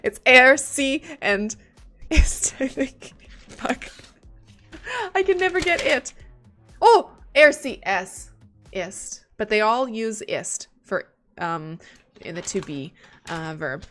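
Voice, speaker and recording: A woman's voice: medium pitch, animated, slow, fairly bright tone, faint music behind. A woman streaming live as she studies German, chatting casually and thinking aloud, swearing now and then when she gets stuck.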